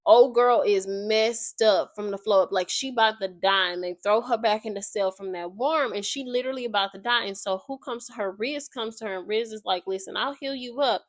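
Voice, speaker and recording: A woman giving a casual, slangy, animated recap of a book as a video creator. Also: medium pitch, brisk, hardly any pauses, no room sound.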